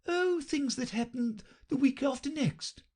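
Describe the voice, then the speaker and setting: A woman reading an audiobook, voicing a flustered, untidy, melancholy queen in a high, plaintive voice. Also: very animated, unhurried, darkish tone, breathy edge, heavily acted.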